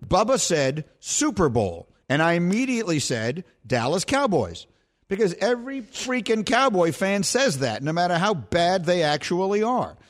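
Lively high-voiced male radio host. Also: normal speed. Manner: playful, teasing, self-mocking game-show patter. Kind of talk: call-in show banter.

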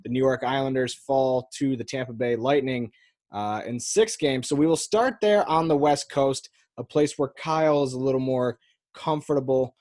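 A man's voice: medium pitch, darkish tone, no echo, studio quality. A young man hosting a sports podcast, chatting casually and joking with his co-hosts. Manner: upbeat, joking, quick banter. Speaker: podcast host. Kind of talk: casual chat.

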